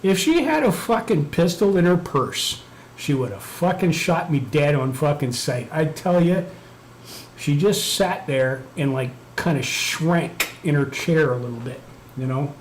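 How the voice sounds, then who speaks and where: A man's voice: fairly high pitch, animated, measured pace. A man hosting a live stream, chatting casually and telling a profane story while muttering over his computer work. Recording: echoey room, faint background noise.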